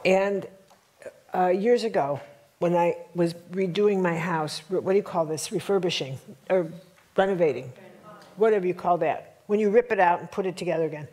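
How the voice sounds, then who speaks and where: A woman teaching a spiritual workshop to a live audience, telling stories in an animated way and checking in with her listeners. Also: on the low side, normal speed. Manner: animated, storytelling, addresses audience with rhetorical checks.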